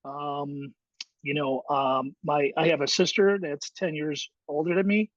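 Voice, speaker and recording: A middle-aged high school baseball coach from Chicago, USA, appears as a guest in an interview, telling his story reflectively with many fillers and restarts. His voice is on the high side and level in tone, a little slow. The recording is dry, with the highs cut off.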